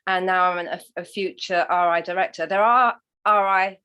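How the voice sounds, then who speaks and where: A woman with an English accent, a guest on a video call, telling her story in a lively way and laughing often. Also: fairly low pitch, normal speed, clear, resonant tone, lo-fi sound. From England. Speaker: guest, Rotary leader. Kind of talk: conversational interview.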